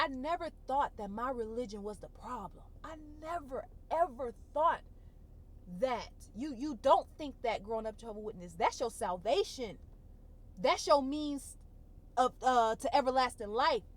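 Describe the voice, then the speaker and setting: High-voiced woman telling a tearful story. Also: moderate pace. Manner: expressive, colloquial, repeats phrases for emphasis. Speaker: vlogger. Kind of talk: emotional personal testimony.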